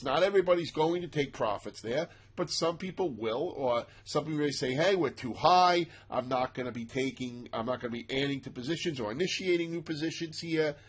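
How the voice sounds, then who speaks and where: Husky man, brisk emphatic chart talk, slightly raised pitch. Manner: animated, emphatic, self-mocking asides. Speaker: stock market analyst. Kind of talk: casual market commentary over charts.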